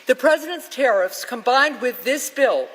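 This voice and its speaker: A woman senator giving a measured, insistent formal speech on the chamber floor. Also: high voice, animated, a bit bright, husky. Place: large legislative chamber. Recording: echoey legislative chamber.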